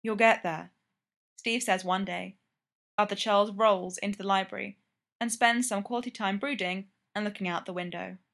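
A woman reading a story aloud in a steady, even narrating voice. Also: medium pitch, moderate pace, creaky. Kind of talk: reading fan fiction aloud.

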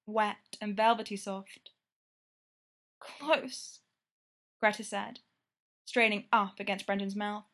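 A woman narrating a romance story with steady, intimate storytelling. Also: mid-range voice.

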